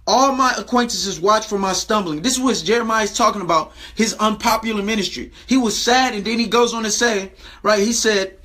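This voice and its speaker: A man with a high, bright voice preaches a Bible lesson directly to his viewers as a video host. He speaks emphatically and repeats his phrases, slowing down to stress each scripture line and frequently checking in with "right?".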